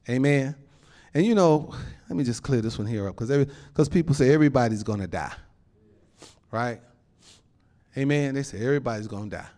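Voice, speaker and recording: Animated preaching man, lively pitch. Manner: animated preaching with laughs and call-outs to the congregation; folksy informal phrasing. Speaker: pastor. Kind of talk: sermon.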